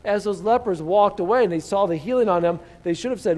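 A man's voice: sits high, expressive, brisk, hardly any pauses, darkish tone. A male pastor preaching a sermon, reading scripture aloud and asking his congregation questions.

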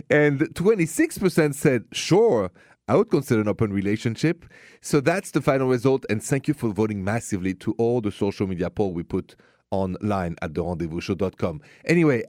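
A man's voice: fairly low pitch, a little mellow, no room sound, studio quality. A man with a thick French accent hosting a late-night call-in radio show about love, talking in a playful, romantic way. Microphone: studio microphone.

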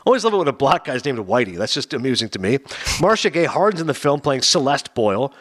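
A man hosting a podcast, chatting casually and telling stories with voiced quotes. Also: mid-range voice. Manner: animated, quick storytelling with voiced quotes. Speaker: podcast host. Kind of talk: casual chat.

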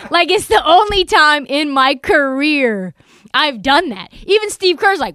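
A woman co-hosting a podcast, chatting about sports in an animated, jokey way and acting out quotes. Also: high voice, unhurried, no echo. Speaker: podcast co-host. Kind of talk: casual sports chat.

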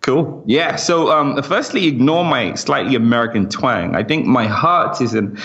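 A man's voice: mid-range voice, expressive, a little slow, fairly bright tone, muffled recording. A man with a British accent, a company founder talking as a guest in an interview, chatty and loose with fillers. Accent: British English. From England. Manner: chatty, laughs easily, many fillers. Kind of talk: interview conversation.

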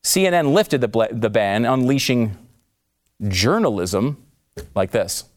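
A man's voice: medium pitch, animated, measured pace. A man hosting scripted political commentary, sarcastic and mocking with emphatic swings in delivery.

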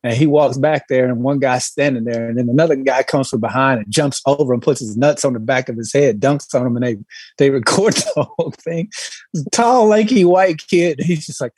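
A man's voice: mid-range voice, fairly quick, slightly rough, dry recording. A man co-hosting a podcast, telling stories and laughing often as he talks. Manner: laughing storyteller, animated. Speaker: podcast co-host. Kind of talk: casual podcast chat.

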